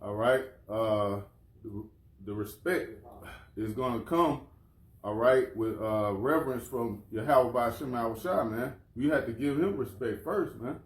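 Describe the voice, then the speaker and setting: A man's voice: mid-range voice, unhurried, roomy sound. A man leading an informal religious lesson, casual and conversational, often calling people "man" and "bro". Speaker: lesson leader.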